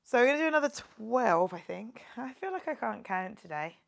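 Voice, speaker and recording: A woman's voice: on the high side, big pitch swings, a little fast, gravelly. Playful woman leading a workout. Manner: playful, jokey, counts reps aloud and cheers on. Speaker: fitness instructor. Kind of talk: guided home workout class.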